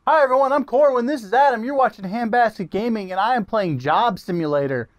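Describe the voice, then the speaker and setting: A man's voice: very high voice, animated, fairly quick, dry recording. A man hosting a let's play, casually commenting while playing and playfully asking his co-host questions.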